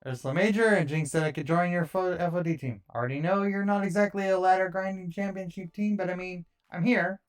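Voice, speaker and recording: A man's voice: high-pitched, a little fast, few pauses, clear, resonant tone, far from the mic, faint music behind. A man streaming live, reading a visual novel aloud with dry, wry asides.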